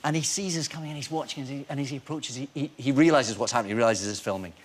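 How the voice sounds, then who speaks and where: A Scottish man, a guest actor on a chat show, telling lively anecdotes and acting out the people in them. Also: medium pitch, rapid-fire. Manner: animated storyteller, acts out voices in quotes. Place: TV studio with audience.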